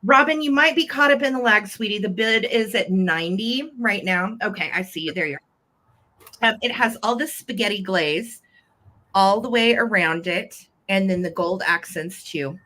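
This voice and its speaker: A woman's voice: mid-range voice, normal speed, pushed and bright. A woman with an American accent hosting a live online auction, gushing over each piece and counting down bids. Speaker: live-sale host.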